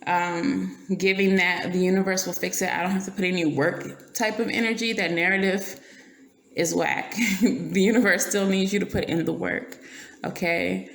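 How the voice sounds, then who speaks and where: Woman, tarot reader, casual reading, blunt and profane, gravelly, echoey room. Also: lowish voice, fairly even intonation, moderate pace. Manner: blunt and profane, laughs often, checks in with "okay?". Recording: roomy echo, faint noise.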